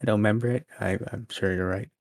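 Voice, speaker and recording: A man co-hosting a wrestling podcast, quick and sarcastic in casual chat. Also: lowish voice, fairly even intonation, no room sound, clean studio sound. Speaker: podcast co-host.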